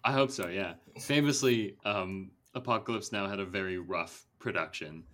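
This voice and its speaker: A man's voice: sits low, moderate pace, bright, forceful tone. A young man hosting a casual movie podcast, chatty and rambling, with lots of fillers and laughter. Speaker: podcast host. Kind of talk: casual chat.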